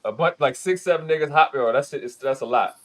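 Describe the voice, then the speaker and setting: A man from Baltimore co-hosting a casual reaction chat, excitable and joking as he comments on a video. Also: a little high, fast talker. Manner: animated, excitable, laughing asides.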